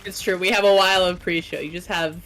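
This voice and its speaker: A woman's voice: fairly low pitch, steady tone, quick pace, a bit bright, faint music behind. A woman co-casting an esports match, chatty and agreeable, often laughing between remarks. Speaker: esports co-caster. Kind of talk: live esports casting banter.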